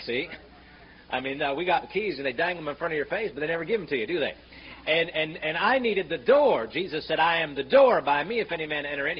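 A man preaching a fiery sermon, sarcastic and mocking, rising to shouts when he quotes scripture. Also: fairly high pitch. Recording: muffled, slightly noisy sermon recording.

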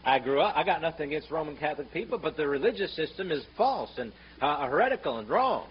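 A man's voice: fairly high pitch, expressive, fast. Fiery man preaching, muffled recording. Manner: fiery, rising to shouts on scripture quotes; sarcastic, mocking. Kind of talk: sermon. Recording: muffled, slightly noisy sermon recording.

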